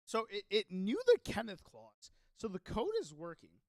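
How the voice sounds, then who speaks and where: A young male streamer with a fairly high voice rambles casually to his chat, stopping often to read his own notes aloud. The sound is dry and close, with little room around it. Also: huge pitch swings, moderate pace, no room sound. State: sleepy, yawning. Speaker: Minecraft streamer.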